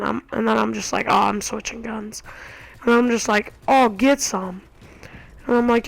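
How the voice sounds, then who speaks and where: A woman giving casual gameplay commentary, excitable and acting out her own reactions. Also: a little high, normal speed, gravelly, rough recording. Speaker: gamer. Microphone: console share recording.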